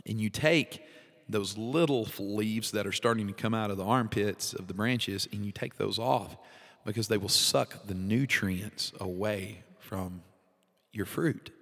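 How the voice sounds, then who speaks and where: A man's voice: on the low side, lively intonation, unhurried, fairly bright tone, in a large hall. A man hosting a devotional talk, speaking casually and from the heart, laughing often as he shares his faith. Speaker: podcast host, worship leader.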